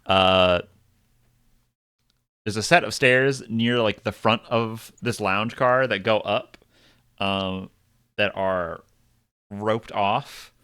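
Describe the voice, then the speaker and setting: A man narrating a tabletop game as game master, describing scenes in a halting, stop-start way. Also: fairly low pitch, fairly bright tone, clear, resonant tone.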